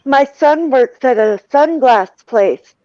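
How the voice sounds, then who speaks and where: A woman's voice: high-pitched, animated, takes it slowly, mellow, no echo, lo-fi sound. A woman guest on a livestream, easygoing and giving brief replies. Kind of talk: casual chat.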